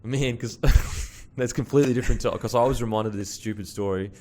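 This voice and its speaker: A young Australian man hosting a podcast, telling a story in casual chat with swearing and animated delivery. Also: medium pitch, brisk. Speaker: podcast host.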